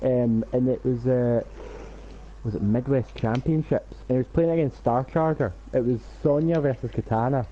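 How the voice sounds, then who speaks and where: A man's voice: mid-range voice, steady tone, moderate pace, lo-fi sound. A man in a casual gaming chat, hesitant with many fillers and chuckles.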